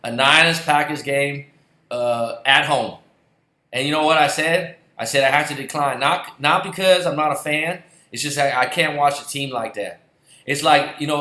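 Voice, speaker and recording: A man's voice: medium pitch, bright, forceful tone. A man and football fan ranting in a heated, sarcastic way, swearing and repeating himself. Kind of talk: angry ranting vlog. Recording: roomy echoey recording.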